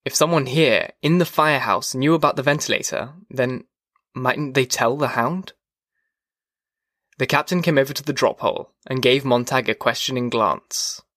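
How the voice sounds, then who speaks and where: In studio-quality, dry audio, a medium-pitched male voice reads an audiobook. His delivery is steady, even and measured.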